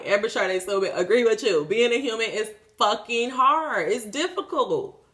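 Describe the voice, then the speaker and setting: A woman's voice: mid-range voice, fairly bright tone. Emphatic, swearing woman giving a spiritual tarot reading. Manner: emphatic, preachy, casual with swearing; repeats phrases for emphasis. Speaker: tarot reader.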